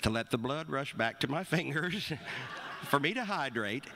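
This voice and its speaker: A middle-aged man telling a wry, rambling story on stage between songs, with halting restarts. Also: mid-range voice, animated, sharp tone.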